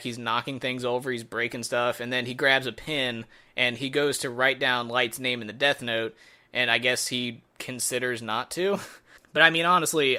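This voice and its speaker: A man's voice: mid-range voice, bright, forceful tone. A man giving a casual spoken movie review in a sarcastic, exasperated way.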